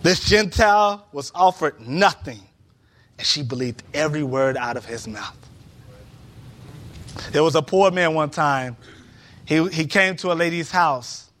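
A man's voice: a little high, normal speed. A man preaching a sermon in a church, telling stories with acted-out voices and building to emphatic peaks. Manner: animated storytelling, acts out voices, rising to emphatic peaks.

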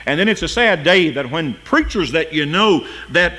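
A man preaching a sermon as pastor, building to loud emphatic peaks and then dropping to quiet asides. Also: a little high, lively intonation, moderate pace, few pauses.

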